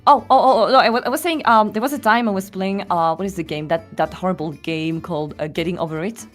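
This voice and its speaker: A woman's voice: medium pitch, quick pace, soft background music. A woman with a French accent, hosting a casual stream chat in a giggly, playful way. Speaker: streamer host.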